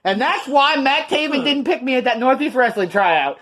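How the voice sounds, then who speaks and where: A man's voice: very high-pitched, normal speed. A man with a New York accent, co-hosting a podcast and telling brash, profane wrestling stories in a casual chat. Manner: brash, profane, animated storytelling.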